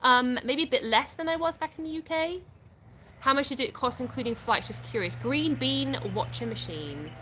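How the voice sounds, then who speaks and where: A woman's voice: high voice, lively intonation, normal speed, sharp tone, slight background noise. A British woman from the UK hosting a casual live stream at home, reading viewer comments aloud and answering them frankly, often laughing. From United Kingdom.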